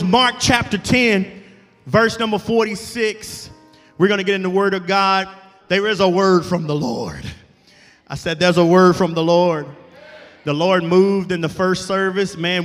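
Brief: high-voiced man, guest pastor, bright tone, echoey church with music under him. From Alabama, USA. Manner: call-and-response preaching, building to shouts. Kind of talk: sermon. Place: church sanctuary.

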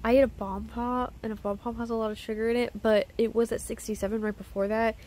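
A woman vlogger talking to camera in a personal video diary, close to tears, halting with many pauses and restarts. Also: fairly high pitch, level tone, darkish tone, slight background noise, rough recording.

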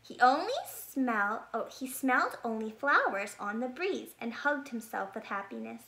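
Woman, fairly high voice, picture-book read-aloud, explains the story to children. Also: expressive, unhurried, sharp tone. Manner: explains the story directly to young listeners. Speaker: storybook reader.

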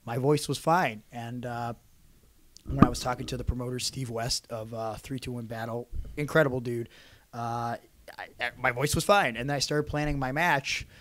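A man, a professional wrestler on a podcast, telling a lively story in casual chat and acting out quotes. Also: mid-range voice, moderate pace, slight background noise. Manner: animated storyteller, acts out quotes. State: hoarse voice. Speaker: podcast guest, pro wrestler.

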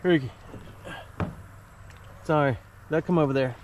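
A man's voice: a little high, unhurried, a little hiss or hum. A man hosting a casual outdoor vlog at a creek, playful and teasing, cooing at ducks. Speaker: vlog host. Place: creek outdoors, people around. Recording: outdoor creek with crowd chatter.

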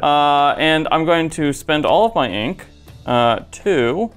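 A man's voice: a little high, animated, slow pace, clear, resonant tone, soft background music. A male host chatting casually while he plays a card game, good-humored and self-deprecating about his moves.

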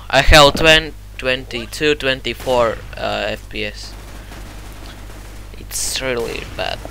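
A man with non-native English giving excitable, cursing gameplay commentary, often shouting at the game and searching for words. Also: medium pitch, vocal fry, slight background noise. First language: not English. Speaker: gamer.

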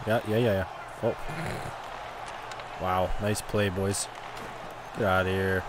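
A man giving casual, excitable commentary over his own gameplay, cheering and trash-talking the players. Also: low voice, slow, noisy background. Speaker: gaming commentator.

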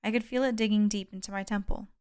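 A woman reading a first-person thriller audiobook in a measured, steady narration. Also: mid-range voice, clean tone. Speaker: audiobook reader.

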